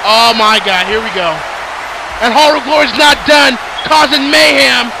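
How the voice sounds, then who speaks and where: A man doing play-by-play commentary for a wrestling match, shouting and swearing in excitement. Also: extremely high pitch, moderate pace, gravelly, crowd noise, background noise.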